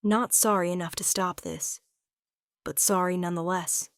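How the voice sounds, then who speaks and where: A man's voice: high-pitched, fairly even intonation, normal speed, fairly bright tone, smooth, dry recording, studio quality. A woman voicing a grieving male wolf alpha who speaks formal ritual words while breaking. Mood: somber.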